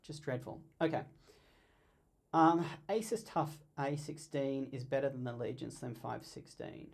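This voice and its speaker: A man hosting a live stream of tech talk, unscripted and animated, often stumbling and restarting his sentences. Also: mid-range voice, unhurried, creaky.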